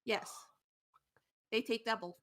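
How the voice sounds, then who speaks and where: A woman's voice: on the high side, fairly even intonation, slow pace, fairly bright tone. A woman playing a tabletop game, casual and enthusiastic, swearing freely. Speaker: player.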